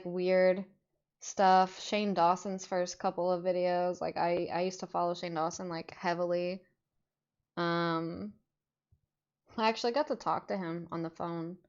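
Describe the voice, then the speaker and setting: A woman's voice: lowish voice, clean tone, muffled recording. A young adult woman telling stories in casual chat, rambling with lots of fillers and swearing freely. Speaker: podcast host.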